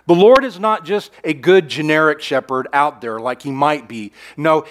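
A man with a high voice preaches a sermon. His delivery is earnest and emphatic, and he often repeats key phrases before dropping to a hushed tone. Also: big pitch swings, moderate pace, hardly any pauses. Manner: repeats phrases and restarts mid-sentence. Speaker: pastor.

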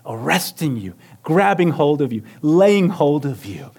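A man preaching a sermon in church, asking rhetorical questions, calling for amens and swinging from hushed tones to raised, emphatic lines. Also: a little high, big pitch swings, measured pace. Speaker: pastor. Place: church sanctuary.

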